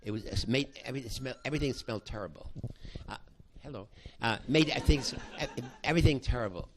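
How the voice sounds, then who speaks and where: Older guy telling a story, stops and restarts a lot, middle pitch, bit of faint hiss behind. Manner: halting, with many restarts, acting out quoted voices. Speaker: psychology professor recounting a past study. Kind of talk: spoken storytelling to an audience.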